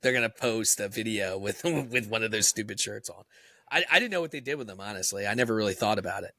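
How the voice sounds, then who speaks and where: A man's voice: on the low side, quick pace, sharp tone, no echo, clean studio sound. A man co-hosting a podcast, joking bluntly and crudely in casual chat. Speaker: podcast co-host.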